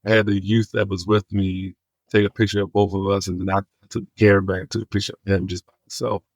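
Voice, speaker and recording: A man's voice: sits low, fast, dry recording. A man, a guest in a podcast interview, telling stories and acting out the dialogue in them. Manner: animated storyteller acting out quoted dialogue. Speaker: guest, homelessness outreach worker.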